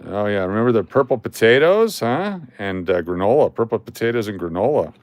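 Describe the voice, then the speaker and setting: A man's voice: lowish voice, lively intonation, a little fast, dry recording. A middle-aged man hosting a casual vlog, rambling and joking as he talks through old photos. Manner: rambling and joking, with chuckles and trailing restarts. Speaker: coin collecting channel host.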